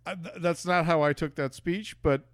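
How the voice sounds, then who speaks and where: A man's voice: on the high side, steady tone, moderate pace, clear, resonant tone, dry recording, studio quality. A man hosting a podcast, debating casually, stammering through restarts and swearing as he gets worked up. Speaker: podcast host.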